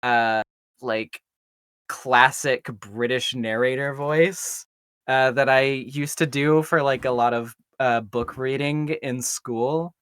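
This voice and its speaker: A man's voice: mid-range voice, fairly even intonation, slow pace, fairly bright tone, clear, resonant tone, dry recording. Rambling man hosting a livestream. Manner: rambling, hesitant, many fillers and asides. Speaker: stream host, voice actor of the project. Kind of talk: casual chat on a charity livestream.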